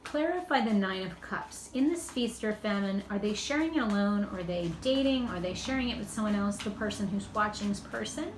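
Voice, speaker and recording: A woman's voice: medium pitch, lively intonation, normal speed, few pauses. A woman giving a casual, rambling tarot card reading in a loose, spiritual way. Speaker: tarot reader. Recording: echoey room with faint background noise.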